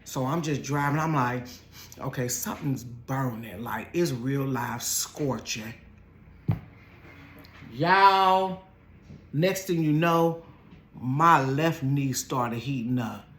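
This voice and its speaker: An Ohio vlogger tells a storytime from her bedroom in an extremely low-pitched voice, talking slowly with long pauses over slight background noise. She speaks straight to her viewers, calling them "y'all" and "honey," moving from hushed asides to loud, laughing outbursts.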